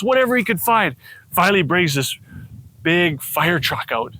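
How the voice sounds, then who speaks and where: A man's voice: a little high, bright, forceful tone, dry recording. A man preaching a sermon, telling a personal story with feeling and acting out the voices in it, his voice rising to pleading cries. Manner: emotional, acts out quoted voices, rises to pleading cries. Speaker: pastor.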